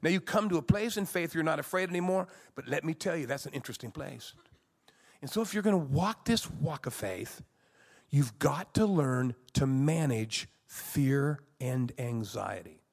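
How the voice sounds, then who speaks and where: A man in his sixties, a pastor preaching a sermon with emphatic swings between loud and soft. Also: fairly high pitch, lively intonation, moderate pace, creaky.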